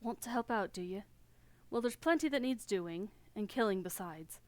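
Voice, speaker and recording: A woman voicing a brisk, matter-of-fact male camp hand who hands out hunting work, reading game dialogue. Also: medium pitch, expressive, slight background noise, close to an everyday voice.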